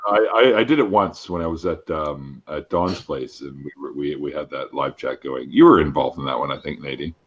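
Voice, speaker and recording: A man's voice: very deep voice, moderate pace, hardly any pauses, husky, muffled recording. A man hosting a casual group livestream chat. He talks loosely, swears freely and laughs often. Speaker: livestream host.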